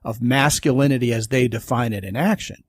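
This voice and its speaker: A man's voice: mid-range voice, fairly quick, breathy edge, dry recording, studio quality. A man hosting a podcast, talking in an emphatic, folksy way in casual conversation. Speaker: podcast host.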